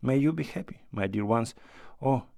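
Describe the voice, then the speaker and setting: A man's voice: medium pitch, animated, normal speed, creaky, warm tone, no echo, clean studio sound. A man voicing a weepy older mother who gushes with tearful happiness. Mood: tearful gushing. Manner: tearful, gushing. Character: weepy fluttering old mother.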